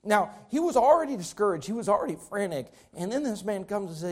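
Guy preaching a sermon, really high voice, builds up and repeats himself. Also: sing-song, fast talker, few pauses. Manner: preaching with rising intensity, repeating phrases. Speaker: pastor.

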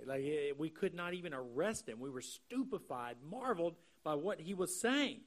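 A man with a notably high voice preaching an expository sermon. He talks earnestly and walks through the text line by line. He draws out key phrases slowly for emphasis. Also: lively intonation. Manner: earnest, explanatory, slows down to stress key phrases. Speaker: pastor.

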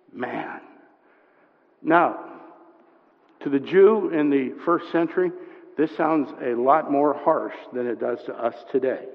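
A man preaching a sermon, telling stories and swinging from hushed asides to impassioned build-ups. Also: medium pitch, gravelly. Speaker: pastor. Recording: dull lo-fi sound, long hall reverb.

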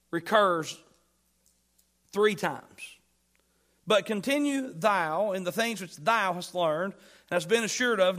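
A man preaching a sermon as pastor, emphatic, swinging between loud bursts and quiet asides, and putting questions to the congregation. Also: high-pitched.

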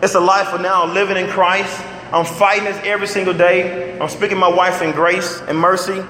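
A middle-aged man preaching in a large hall, his high, sharp voice ringing with a long reverb. He keeps throwing questions at the room and answering them himself, with a faint hum of ambience underneath. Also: level tone, normal speed. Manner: emphatic call-and-answer questions. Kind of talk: sermon.

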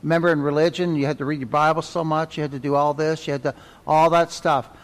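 Man, Sunday school teacher, folksy, repeats himself, slightly high voice, long church reverb. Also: steady tone, quick pace. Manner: folksy, repeats phrases, asks "right?". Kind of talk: conversational Bible teaching.

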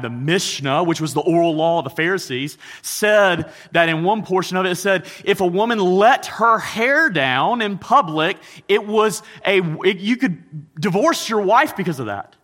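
A man preaching a sermon as a pastor, swinging between loud emphasis and hushed intensity. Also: medium pitch, big-room sound.

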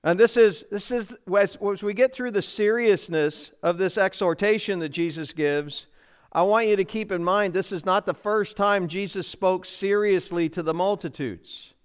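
A middle-aged male pastor preaches in a church, his voice set high for a man and smooth, resonant and clear. He presses his points with emphatic repetition and rhetorical questions to the congregation. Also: moderate pace. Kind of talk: sermon. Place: church sanctuary.

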